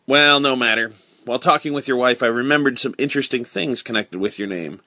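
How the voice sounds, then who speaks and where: A man reading aloud and voicing a smooth-talking male spy who coaxes with leading questions. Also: medium pitch, brisk, bright, forceful tone, no room sound. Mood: probing.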